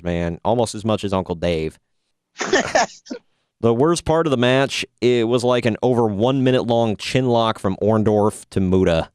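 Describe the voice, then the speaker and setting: In a casual podcast, a man recaps wrestling matches and tosses in jokey, sarcastic asides as he reviews them. His mid-range voice has a darkish, clean tone, captured with studio quality and no room sound.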